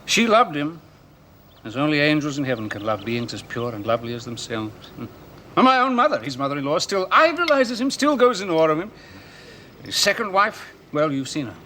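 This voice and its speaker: A man's voice: on the high side, very animated, brisk, bright, forceful tone. An actor playing a bitter, envious middle-aged man who mocks others with theatrical scorn, in a 1970s television play. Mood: mocking. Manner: sardonic, mocking, theatrical. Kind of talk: 1970s television drama acting. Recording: old television sound with faint hiss.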